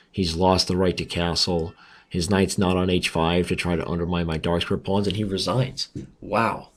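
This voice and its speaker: A man with a raspy voice giving chatty, self-mocking commentary on his own chess games as he plays. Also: sits low. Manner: chatty, self-mocking, talks through moves aloud. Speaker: chess streamer. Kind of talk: casual commentary while playing online.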